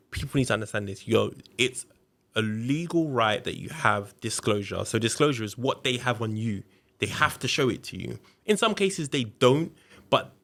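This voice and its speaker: Animated man telling a story. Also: medium pitch. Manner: animated, acts out quoted voices, slangy. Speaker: podcast guest. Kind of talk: casual storytelling.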